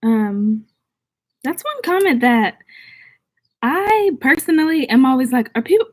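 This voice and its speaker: A young woman chats on her livestream in a bubbly, rambling way, reading out viewer comments and answering questions. She comes from the southern United States but has no Southern accent. Her voice sits fairly high. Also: big pitch swings, slow. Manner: chatty, bubbly, reads comments aloud. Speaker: vlogger. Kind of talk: casual livestream chat.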